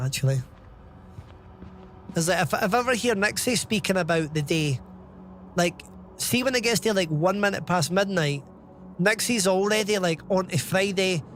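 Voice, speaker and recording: A man with a fairly high voice chats on a game live stream, drifting from topic to topic and laughing often. Soft game music plays faintly under his voice. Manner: rambling, chatty, laughs often. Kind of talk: casual live-stream chat.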